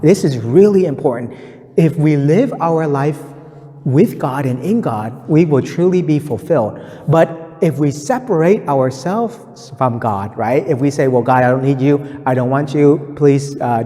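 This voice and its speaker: Earnest male preacher explaining scripture point by point; mellow voice, reverberant room. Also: mid-range voice. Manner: earnest, explanatory, often checks in with "right?". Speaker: preacher giving a Bible reflection. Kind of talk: scripted-free sermon teaching in numbered points.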